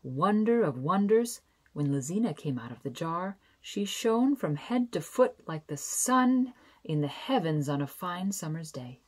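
A woman with a low, husky voice reads a fairy tale aloud as a bedtime story. She is gentle and expressive and slows down on key phrases.

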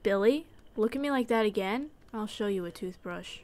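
A woman streamer giving playful, chatty commentary while she plays a game, going from sudden yelps to hushed whispers. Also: mid-range voice, brisk, hardly any pauses, faint music behind. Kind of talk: casual gameplay commentary.

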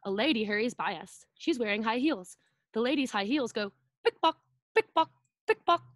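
A woman's voice: fairly high pitch, animated, fairly quick, dry recording. A woman preschool teacher reading a picture book aloud to children over a video call, playfully acting out sound effects and asking them to join in.

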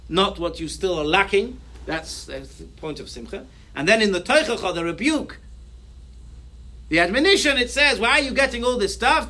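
A man speaking as a rabbi in a Torah talk. He reads Hebrew sources aloud, explains them in English, and acts out people's reactions in an animated way. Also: high voice.

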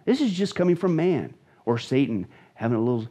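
Speaking a little fast in a mid-range voice, the same kind of guest pastor delivers animated Bible teaching in conversation, dramatic and emphatic, with repeated phrases for stress. The tone is dark and slightly rough, and he sounds very animated.

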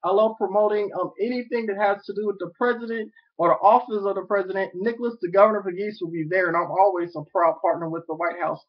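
A man's voice: sits high, fairly even intonation, quick pace, few pauses, lo-fi sound. A young man with a Tennessee Southern accent, rambling grandly to his online fans with many ums and you-knows. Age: young adult. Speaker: self-promoting video blogger. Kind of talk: rambling self-recorded address to fans.

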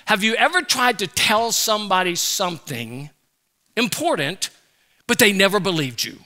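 A man's voice: sits high, normal speed. A middle-aged man preaching a sermon, telling stories with playful humor. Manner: humorous, animated storyteller. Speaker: pastor.

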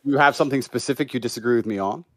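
A man's voice: mid-range voice, rapid-fire, fairly bright tone, slight background noise. Assertive man with a British-American accent. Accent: mixed British and American. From United Kingdom. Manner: assertive, lecturing. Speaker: debate guest. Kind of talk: livestream debate.

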